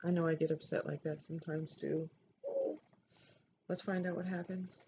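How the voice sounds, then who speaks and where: A woman teacher with a low voice reads a picture book aloud, measured and gentle. The recording is dull and lo-fi with faint hiss underneath. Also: flat delivery. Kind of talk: storybook read-aloud.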